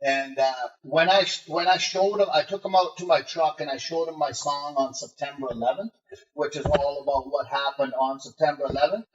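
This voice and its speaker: Through a muffled, roomy and distant remote call, a man with a voice on the high side speaks fairly quickly. He's a casual interview guest spinning swear-laden, brash stories and performing the voices of people he met.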